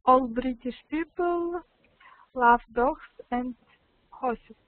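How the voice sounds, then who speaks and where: A woman learning English, giving soft, tentative answers in a group lesson. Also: high-pitched, very slow, no room sound. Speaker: English student. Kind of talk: lesson participation. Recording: tinny online call line.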